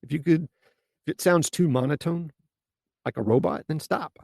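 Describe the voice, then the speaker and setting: A man's voice: on the high side, moderate pace, creaky, a little mellow, dry recording. A man hosting a solo advice podcast, talking bluntly and casually with mild swearing. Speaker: podcast host and coach.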